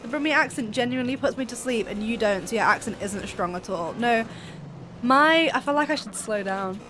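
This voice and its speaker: A young woman from near Birmingham with a softened Birmingham accent, chatting fast and a bit mumbly as she co-commentates a game stream. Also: on the high side, expressive, music in the background. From England, near Birmingham. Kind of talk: casual chat over gameplay.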